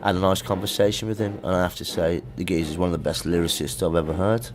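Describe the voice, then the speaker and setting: A middle-aged man with a Birmingham accent, a musician guest chatting in a music studio. His voice sits very low. He tells long, rambling anecdotes in an easygoing way. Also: fairly even intonation, fast, a crowd in the background. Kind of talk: casual chat interview.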